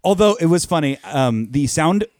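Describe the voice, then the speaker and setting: A man's voice: fairly high pitch, animated, normal speed, darkish tone, no echo, clean studio sound. A man co-hosting a casual film review chat, talking loosely with many hesitations. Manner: chatty, hesitant with many ums. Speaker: podcast co-host reviewing films.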